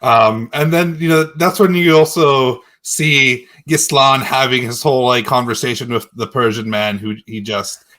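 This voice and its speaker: A man narrating as game master of a tabletop game, halting and searching for words. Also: mid-range voice, fairly bright tone. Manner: halting, full of fillers and restarts.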